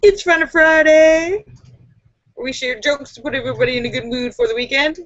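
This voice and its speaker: A woman's voice: high voice, steady tone, fast talker, fairly bright tone, highs cut off. A woman hosting a casual live stream, reading out viewers' jokes and laughing at them. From United States. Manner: giggly, laughs at her own jokes.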